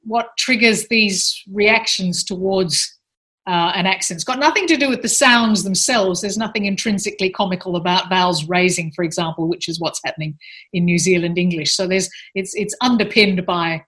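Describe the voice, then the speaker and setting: A woman speaking as an expert guest in a casual interview, giving thoughtful, measured explanations with frequent pauses and fillers. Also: mid-range voice, fairly bright tone.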